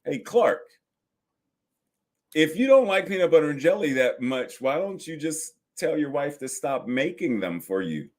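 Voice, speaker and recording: A man's voice: a little high, very animated, unhurried. A man voicing a baffled male construction coworker who talks in a chatty, incredulous way with lots of fillers.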